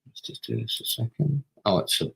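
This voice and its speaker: A man's voice: mid-range voice, expressive, a little fast, creaky, fairly bright tone, husky, low-quality recording. A middle-aged man streaming a strategy game, casually thinking aloud and muttering to himself as he plays. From England. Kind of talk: casual gaming commentary.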